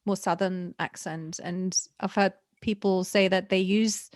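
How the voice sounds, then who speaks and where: A British woman hosting a casual interview podcast, telling stories in a lively way and laughing often. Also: medium pitch, measured pace, no room sound, clean studio sound. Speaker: podcast host.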